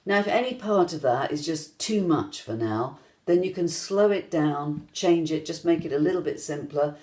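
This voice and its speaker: A woman teaching an online rhythm lesson, gentle and encouraging, singing out the beats as she counts them. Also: low voice, lively intonation, moderate pace, music in the background. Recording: echoey room.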